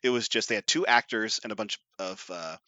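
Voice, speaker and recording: A man co-hosting a podcast in casual chat, excitable and laughing often as he talks. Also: on the low side, a little fast, no echo, lo-fi sound. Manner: laughs a lot, animated and excitable. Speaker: podcast co-host.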